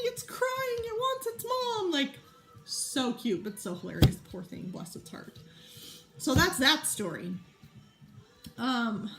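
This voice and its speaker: A woman's voice: on the high side, a bit bright. A woman in her thirties chatting casually to camera, a rambling storyteller full of fillers and asides while she works on a craft project. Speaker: vlogger and mom.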